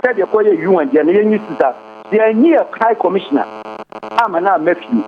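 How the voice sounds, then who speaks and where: A man's voice: sits high, animated, brisk, gravelly. Impassioned Ghanaian man on a tinny line. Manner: impassioned, rhetorical questions. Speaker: guest commentator. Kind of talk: heated interview talk. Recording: tinny phone-like line, faint hum.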